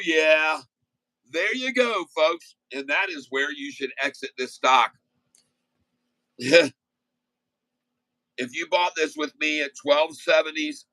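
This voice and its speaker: A man's voice: medium pitch, bright, forceful tone, dry recording, low-quality recording. A man hosting a casual day-trading livestream, chatting in a folksy, rambling way full of fillers, asides and stock calls. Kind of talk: casual live-stream chat and stock commentary.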